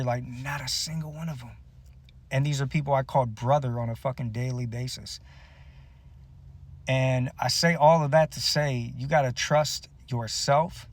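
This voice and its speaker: A man speaks candidly to camera, recounting a grievance in a heated, profanity-laden way. His voice sits at an ordinary pitch, and the sound is dry and close with no room echo. The tone throughout is bitter and aggrieved. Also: a little mellow. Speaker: musician. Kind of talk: candid personal storytelling to camera.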